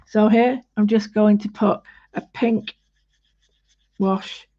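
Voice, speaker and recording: A woman giving a casual painting demonstration, chatty and halting with many fillers as she talks through each step. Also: mid-range voice, fairly even intonation, dark tone. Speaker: art tutorial host. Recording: dull lo-fi home recording.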